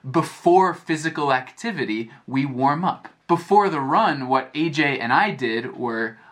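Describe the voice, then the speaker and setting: Slow, clear-speaking American man teaching. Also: on the high side, expressive, a bit bright. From United States. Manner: slow, clear, repeats phrases and explains them. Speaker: English teacher. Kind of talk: slow storytelling lesson for learners.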